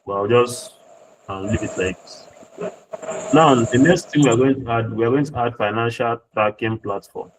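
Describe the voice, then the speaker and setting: A patient male tutor talks a class through a design tutorial as he works on screen. His pitch sits in the middle, and he repeats key points to make sure everyone keeps up. Steady background noise runs under his voice. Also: moderate pace. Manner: patient, repeats himself while working on screen. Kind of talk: screen-share tutorial walkthrough.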